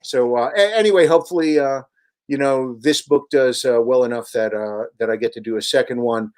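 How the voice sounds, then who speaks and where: A man, a radio host and author, guesting on a radio show and telling long, animated anecdotes with many restarts. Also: mid-range voice, a little fast, clear, resonant tone. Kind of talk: storytelling in a radio interview.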